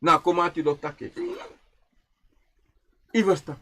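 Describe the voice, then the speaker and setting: A man giving a spoken teaching on ancestral tradition over a livestream. He repeats phrases in a chanting way and swings from loud to hushed. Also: fairly high pitch, fairly even intonation, unhurried, creaky. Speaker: livestream speaker.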